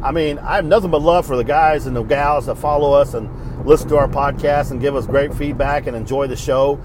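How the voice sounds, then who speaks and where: A man's voice: medium pitch, fairly even intonation, a little fast, noisy background. A middle-aged man, hosting a podcast in a blunt, profane, fired-up rant. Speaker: podcast host. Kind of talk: casual ranting monologue.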